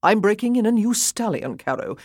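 A woman's voice: medium pitch, big pitch swings, a little fast, darkish tone, no echo, clean studio sound, voice pushed up. A woman reading as a blunt, impatient young earl who thinks mostly of horses, speaking in curt commands.

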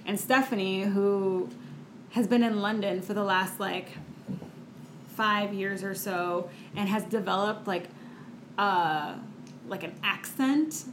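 A woman co-hosting a podcast in casual chat, animated and quick to laugh, peppering her talk with "like.". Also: medium pitch. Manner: chatty, animated, laughs often, says "like" a lot. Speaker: podcast co-host. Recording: echoey room with faint noise.

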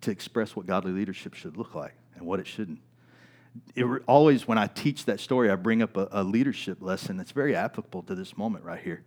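A middle-aged male pastor telling a story in a sermon, often checking in with "right?" and swinging from loud to quiet. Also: sits low, fast. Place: church.

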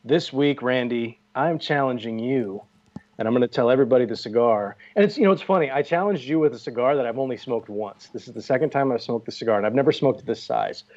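A man's voice: medium pitch, fast talker, a little mellow, highs cut off. A man co-hosting a casual chat show, joking and bantering with a headset mic. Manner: joking, banters and laughs often. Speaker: podcast co-host.

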